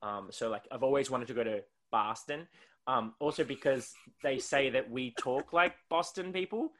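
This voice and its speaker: A man's voice: medium pitch, normal speed, a bit bright. An Australian man co-hosting a podcast, chatting casually in a rambling way full of "like" and frequent laughter. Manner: rambling, heavy use of "like", laughs often. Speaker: podcast co-host.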